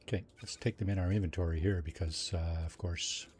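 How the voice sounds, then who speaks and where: A man's voice: low voice, steady tone, fairly quick, a little mellow, slight background noise. A man chatting casually while livestreaming a game, reading chat aloud and joking with his viewers. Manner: chatty, reads chat aloud, jokey asides. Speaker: streamer.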